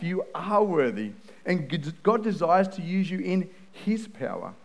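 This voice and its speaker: A man preaches from the pulpit in an earnest, personal tone. His voice sits a little high for a man, and he trips into quick repeated restarts as he tells his story. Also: a little mellow, poor audio. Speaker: pastor. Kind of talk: sermon.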